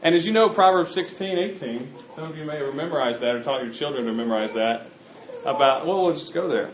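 Male preacher, slightly higher voice, conversational sermon style, roomy church sound. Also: lively intonation, fairly quick, crowd noise. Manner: conversational, addresses the congregation directly. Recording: roomy, slightly muffled recording.

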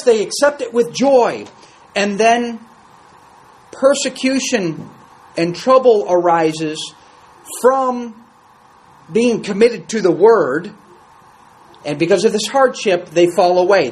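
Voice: medium pitch, darkish tone, poor audio. A Bible study teacher reading scripture aloud to a class and commenting on it in a conversational way, asking the group questions.

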